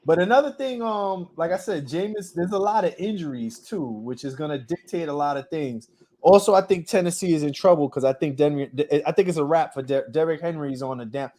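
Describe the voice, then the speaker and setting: Speaking briskly in a slightly high, somewhat mellow voice, this podcast co-host rambles through his football picks. He keeps restarting, and his thoughts trail off into ums as the casual sports chat goes on.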